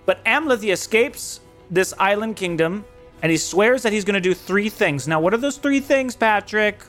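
Animated man recapping a film. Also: high-pitched, normal speed, faint music behind. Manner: animated, jokey, recapping plot. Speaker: podcast co-host. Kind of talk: casual chat about a film.

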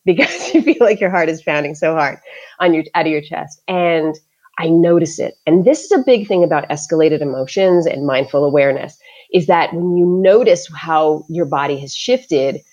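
A middle-aged woman with a notably low voice talks through a personal story in casual podcast chat. She is animated and laughs often, mixing self-deprecating asides into her account of work. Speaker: school librarian and mindfulness teacher.

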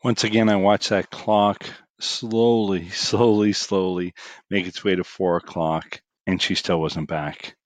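A middle-aged man recounts a story in a fairly low voice, casual and animated, pushing his voice up as it builds to the punchlines. The sound is dry and close, with no room around it. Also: unhurried, dry recording.

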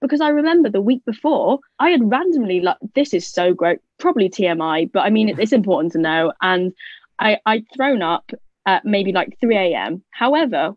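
A young woman with a British accent shares a story in a relaxed chat, lively and joking, slipping into other people's voices as she quotes them. Her pitch sits in the middle range. The sound is dry and a little dull, like a modest lo-fi recording. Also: dry recording. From United Kingdom. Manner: lively, jokey, acts out other people's lines. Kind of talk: casual storytelling in a conversation.

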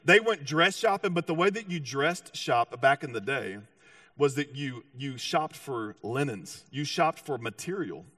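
A man preaching a sermon with animated storytelling, acting out voices and often restarting his sentences. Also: mid-range voice, unhurried, no echo, studio quality, distant mic. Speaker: pastor.

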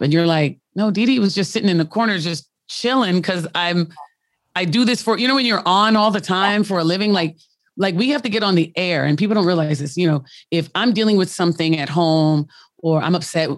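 A woman's voice: lowish voice, no room sound, studio quality. A woman who hosts a radio show, chatting candidly about her marriage and telling stories with frequent laughter. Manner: candid, storytelling, laughs often. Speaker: radio host. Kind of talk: casual chat.

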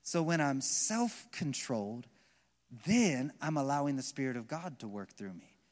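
American pastor preaching in a reverberant hall. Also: male voice, medium pitch, lively intonation, a little slow. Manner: preaching with emphatic swings between soft and loud. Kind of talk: sermon. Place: large church hall with long reverb. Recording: live church recording with long hall reverb.

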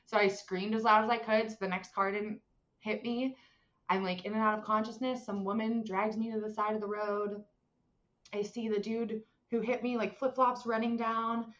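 A woman's voice: fairly high pitch, normal speed, dull audio. Chatty young woman. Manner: animated, many fillers, acts out voices in quotes. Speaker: guest telling a personal story. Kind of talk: casual storytelling.

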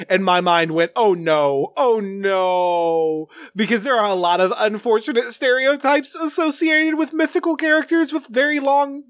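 A man's voice: very high voice, fairly bright tone, no room sound. A man co-hosting a podcast, giving a casual, sarcastic, profane recap of a TV episode and laughing often. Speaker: podcast co-host.

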